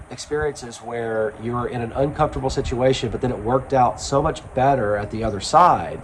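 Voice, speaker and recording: A man speaking as a spiritual self-help speaker, in a slow, earnest, reflective monologue with pauses and ums. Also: medium pitch, a little hiss or hum.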